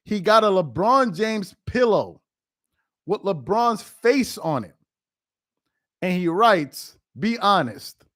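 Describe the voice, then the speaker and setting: A man talks through a casual sports live stream in a fairly high voice that swings widely up and down. He laughs often and trash-talks. The sound is dry and close. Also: takes it slowly, pauses often, no echo. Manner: animated, laughing, trash-talking.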